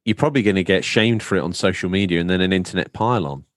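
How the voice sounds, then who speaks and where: A man with a very low, deep voice hosts a relaxed chat and throws in joking asides. The sound is close and dry, with no room echo. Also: quick pace. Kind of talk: casual chat.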